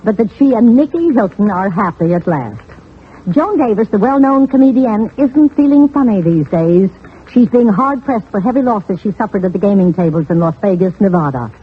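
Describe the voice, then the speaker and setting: A woman hosting and narrating celebrity gossip in a brisk, chatty newsreel style, on a tinny old radio recording. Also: mid-range voice, expressive, husky. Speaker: gossip columnist host.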